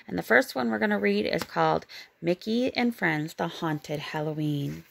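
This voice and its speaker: Woman storybook reader, gentle and expressive, gravelly fry in the voice. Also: lowish voice, normal speed, a little hiss or hum. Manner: gentle, expressive read-aloud. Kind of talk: reading a bedtime storybook aloud.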